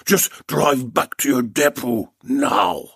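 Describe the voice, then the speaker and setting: A man voicing a menacing kidnapper with a husky, muffled voice in an audio story. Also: mid-range voice, slow pace, a bit bright, dry recording, studio quality, full character voice.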